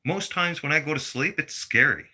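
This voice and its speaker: A man's voice: fairly high pitch, expressive, normal speed, bright, forceful tone, breathy edge. A middle-aged man delivering a blunt, profane personal rant to his viewers. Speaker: vlogger.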